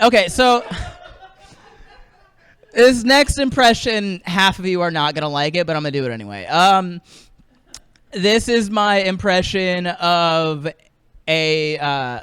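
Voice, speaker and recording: A man's voice: high voice, lively intonation, measured pace, a bit bright, clean tone, no echo. A stand-up comedian from the American South, rambling through a set and laughing at his own jokes in a small streaming studio.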